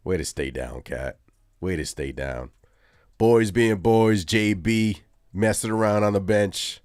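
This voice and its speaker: A man hosting a live postgame sports reaction show, animated and ranting as he talks to his viewers. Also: lowish voice, slow pace, clean tone, no echo, clean studio sound. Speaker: sports podcast host.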